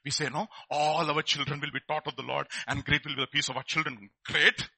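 A man preaching a lively sermon, asking his listeners rhetorical questions and acting out the people in his stories. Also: a little high, brisk, creaky, breathy edge, no room sound.

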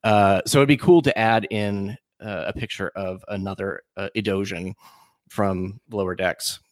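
Man, podcast host, lowish voice, halting and rambling, dry close sound. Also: steady tone, no room sound. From Washington State. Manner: rambling, halting, many fillers and restarts. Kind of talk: casual chat.

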